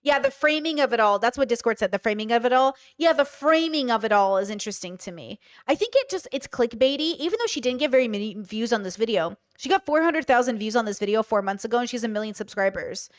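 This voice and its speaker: A woman's voice: a little high, lively intonation, fast talker, few pauses. A woman hosting a livestream, chatting casually about a video with lots of fillers and restarts. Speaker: streamer host.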